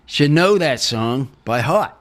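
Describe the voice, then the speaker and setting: A man's voice: mid-range voice, animated, takes it slowly. A man in casual chat, scattered and sing-song. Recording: crowd noise behind.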